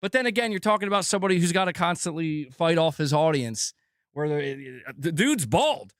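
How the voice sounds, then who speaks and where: A young adult man streaming about games, venting in a profane, animated way and acting out mock quotes of his critics. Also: fairly high pitch, brisk, dry recording, studio quality. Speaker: gaming streamer. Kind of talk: casual livestream rant.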